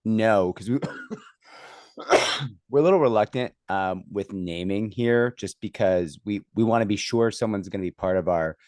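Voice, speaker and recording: A man's voice: fairly low pitch, normal speed, a little mellow, no room sound, studio quality. A man hosting a casual chat, rambling with many fillers and restarts. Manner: acts out others' lines when telling a story.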